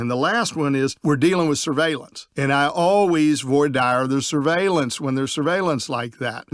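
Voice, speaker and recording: A man's voice: mid-range voice, no echo, clean studio sound. A man, a trial lawyer teaching other lawyers, telling folksy stories and acting out bits of dialogue. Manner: folksy storyteller, acts out dialogue in quick voices. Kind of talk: storytelling lecture on trial strategy.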